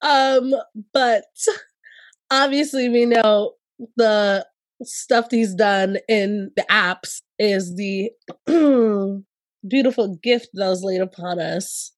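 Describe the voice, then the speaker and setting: Giggly woman, gushing and animated. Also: mid-range voice, slow pace, dry recording, clean studio sound. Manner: animated, breaks into laughter, gushing. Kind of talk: casual chat.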